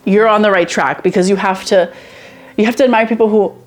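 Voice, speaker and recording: A woman hosting a casual podcast chat, animated, laughing often and repeating phrases. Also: medium pitch, brisk, faint music behind. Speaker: podcast host.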